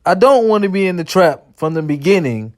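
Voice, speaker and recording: Animated man telling a comic street story. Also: fairly quick. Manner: animated, jumps between a high anxious voice and low whispers. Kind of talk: comedic storytelling with acted voices.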